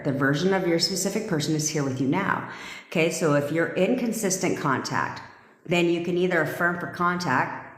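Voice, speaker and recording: Low-voiced bossy woman coaching live. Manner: bossy, blunt and profane, with frequent "okay?". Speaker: manifestation coach hosting a live stream. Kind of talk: live stream coaching, talking to viewers. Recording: roomy echo.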